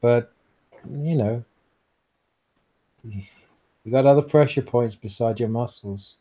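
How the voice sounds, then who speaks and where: A man's voice: medium pitch, slow pace, dark tone. A man voicing a retired female ex-fighter who is blunt, swears freely, and is protective. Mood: concerned. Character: blunt retired female ex-fighter, caring but foul-mouthed.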